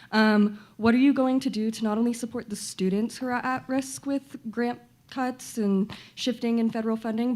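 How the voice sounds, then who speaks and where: A woman's voice: medium pitch, mellow. Young woman student asking a question. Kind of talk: question from the floor.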